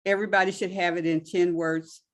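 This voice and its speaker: A woman's voice: fairly low pitch, level tone, a little fast. A woman leads an online faith group in easy, casual talk. She keeps encouraging the others and often repeats and restarts her phrases. She sounds like she is on a video call. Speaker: host.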